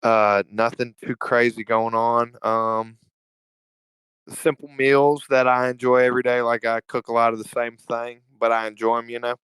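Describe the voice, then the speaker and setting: This man from Evergreen, Alabama, speaks with a Southern accent as a podcast guest, telling stories in a laid-back, slangy, profane and jokey way. His medium-pitched voice is clean and fairly bright, with little pitch movement and normal speed. The recording is dry but rough.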